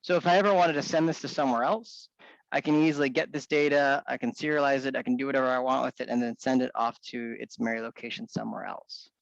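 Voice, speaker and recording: A man walking through a software demo in a casual, think-aloud manner with frequent restarts. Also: mid-range voice, fairly even intonation, quick pace, creaky, dry recording, muffled recording. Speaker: software developer demonstrating. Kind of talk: screen-share walkthrough.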